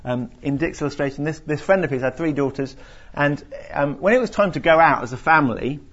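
A man's voice: fairly high pitch, brisk, a bit bright. A man giving an earnest Bible teaching talk to a group, explaining with many restarts and fillers. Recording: dull lo-fi recording.

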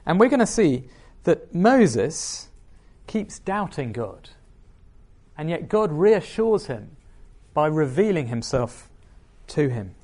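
A man's voice: fairly high pitch, very animated, slow, dark tone, husky. A man preaching a sermon, reading scripture aloud and asking the listeners questions.

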